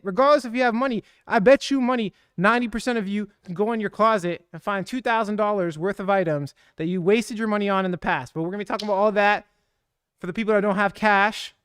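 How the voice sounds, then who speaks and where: A man hosting a casual crypto livestream, talking in an energetic, slangy, hyped-up way. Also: high-pitched, clean tone, no echo, studio quality. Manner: energetic, slangy, hype-driven.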